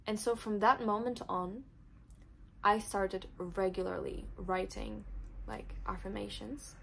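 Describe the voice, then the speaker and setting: A woman's voice: medium pitch, expressive, takes it slowly, vocal fry, a bit bright, slight background noise. A young woman, not a native English speaker, telling an emotional personal story in her vlog, with many filler words. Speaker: vlogger.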